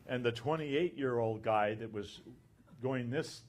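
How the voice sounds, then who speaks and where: Male abbot at a conference who tells his story very slowly and recounts each line of dialogue. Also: mid-range voice, a little mellow.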